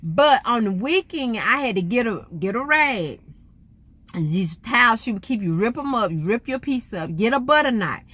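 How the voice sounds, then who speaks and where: A woman's voice: on the high side, lively intonation, moderate pace, fairly bright tone. A middle-aged woman, giving an emphatic, preacherly faith testimony to her vlog audience. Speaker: vlogger.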